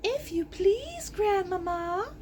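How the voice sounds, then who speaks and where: A sweet, trusting little girl from a fairy tale, speaking very high and slowly with wide-eyed wonder, as a woman reading aloud puts her on. Her sing-song voice rises and falls with a soft hiss in the background. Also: lively intonation, full character voice.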